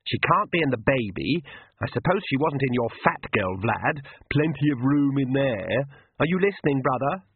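A man's voice: medium pitch, expressive, slightly rough, no echo. A man voicing a sneering young vampire woman. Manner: sneering, drawn-out sarcasm. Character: scornful young female vampire, sharp-tongued. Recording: tinny lo-fi radio broadcast.

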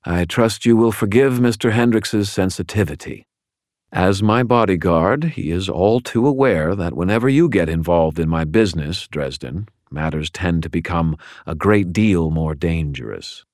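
A polished male crime boss, as a man puts him on in an audiobook speaks with formal, measured calm. The voice sits very low. The recording is dry and close, with no room sound. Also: no echo. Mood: cool, courteous. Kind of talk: audiobook character voice.

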